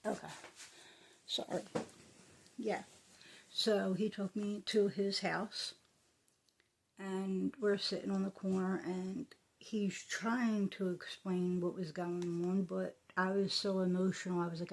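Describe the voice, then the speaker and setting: Soft-spoken raspy woman telling a personal story. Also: mid-range voice, fairly even intonation. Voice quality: often breathy whisper. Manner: halting, emotional, soft-spoken. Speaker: vlogger.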